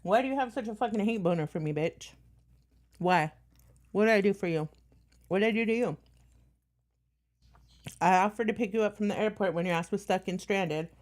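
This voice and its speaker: A woman's voice: mid-range voice, a little fast, pauses often, darkish tone. A woman streamer talking bluntly and profanely in a casual reaction stream.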